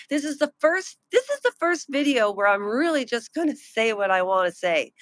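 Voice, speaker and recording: Brief: woman commentator, opinionated live-stream rant, unhurried delivery, somewhat high voice. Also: a bit bright, no echo. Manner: indignant, mocking, slows down to stress points. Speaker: pop culture commentator.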